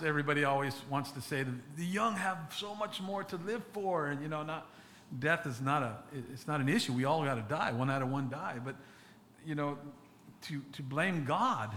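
A man preaching a sermon as a pastor, speaking earnestly and haltingly, often restarting and repeating words. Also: fairly high pitch, fairly bright tone, a little hiss or hum.

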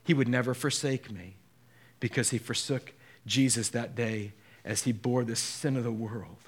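A man's voice: mid-range voice, fairly even intonation, moderate pace, slightly rough. Earnest man preaching a sermon. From Southern California. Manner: earnest, building to impassioned peaks. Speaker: pastor.

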